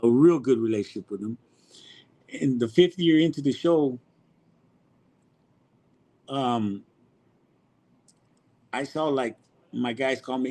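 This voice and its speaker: A man telling a story as a podcast guest, casual and animated, swearing freely. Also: mid-range voice, takes it slowly, long pauses. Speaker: guest, car show organizer.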